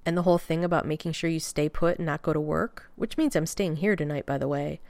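A woman's voice: deep voice, fast talker, darkish tone, no room sound. Woman reading as a dry teasing man. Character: teasing, laid-back adult man. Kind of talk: fan fiction reading.

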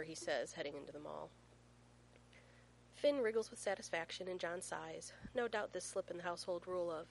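A woman reading a story aloud with playful, expressive comic timing. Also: lowish voice, fairly quick, a little hiss or hum, poor audio. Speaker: reader. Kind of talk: storytelling narration.

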